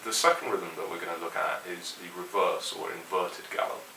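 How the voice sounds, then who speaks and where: A man giving a metal guitar lesson, explaining rhythms in a relaxed, opinionated way and counting along to the click. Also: sits low, fairly quick, creaky. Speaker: guitar teacher. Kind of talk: instructional explanation. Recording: roomy echo, mic at a distance, faint hiss.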